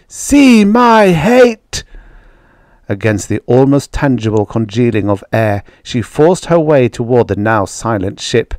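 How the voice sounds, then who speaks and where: A man's voice: lowish voice, a little mellow, no echo, studio quality. A man narrating a vintage science fiction story as an audiobook reader. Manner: slow, measured reading. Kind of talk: scripted narration.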